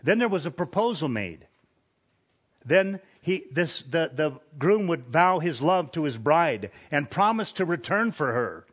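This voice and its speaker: A man's voice: on the high side, very animated, moderate pace, few pauses, breathy edge. A man preaching a sermon from scripture in an earnest, emphatic way, lifting his voice on key points. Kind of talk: expository sermon.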